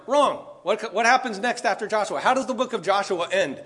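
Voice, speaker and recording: A man's voice: high voice, lively intonation, brisk, fairly bright tone, slightly rough. A man preaching a sermon, reading scripture aloud and putting rhetorical questions to his listeners. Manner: emphatic, reads scripture aloud, asks the audience questions.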